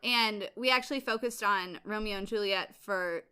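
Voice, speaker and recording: Bright, chatty young woman podcaster. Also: mid-range voice, moderate pace, clear, resonant tone. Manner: chatty, laughing, self-mocking. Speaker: podcast co-host. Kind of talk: casual chat.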